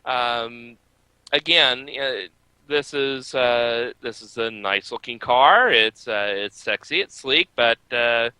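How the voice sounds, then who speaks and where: Bright, halting podcast man. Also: medium pitch, clear, resonant tone, no echo, poor audio. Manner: hesitant, many filler pauses. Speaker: podcast co-host. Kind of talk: casual motorsport podcast chat. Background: baby crying.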